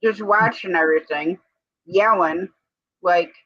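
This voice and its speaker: Slow-talking bright-voiced woman, lively pitch. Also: dry recording. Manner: rambling, chatty, breaks off to give commands to her dog. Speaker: live stream co-host. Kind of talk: casual chat on a live stream. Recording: dull lo-fi stream audio.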